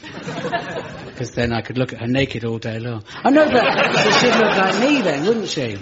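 Lively-voiced British comic, lo-fi radio. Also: male voice, a little slow, over a noisy crowd, very noisy. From Britain. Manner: dry, self-mocking, rises to exasperated high pitch. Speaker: stand-up comedian and radio show host. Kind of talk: stand-up comedy monologue with audience questions. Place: studio with live audience.

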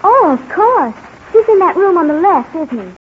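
A woman's voice: very high-pitched, sing-song, moderate pace. A woman playing a flighty, scatterbrained young woman who helps at an orphanage, fluttery and flustered, in 1940s radio acting style. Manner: fluttery and flustered, full of oh dears. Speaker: radio drama character. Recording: muffled old radio recording with faint hiss.

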